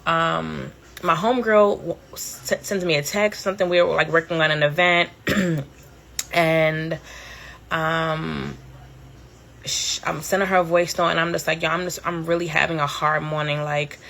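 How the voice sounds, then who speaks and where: A woman's voice: sits low, fairly even intonation, a little slow, gravelly, fairly bright tone, slight background noise. A woman in her thirties talking candidly and casually to a live audience, rambling with plenty of fillers and swearing. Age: 30s. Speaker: podcast host. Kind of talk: casual storytelling on a live stream.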